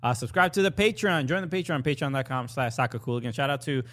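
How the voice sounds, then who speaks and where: A man co-hosting a casual podcast, wrapping up the episode in a relaxed way with many fillers. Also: mid-range voice, fast. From United States. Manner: laid-back, filler-heavy sign-off patter. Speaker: podcast co-host.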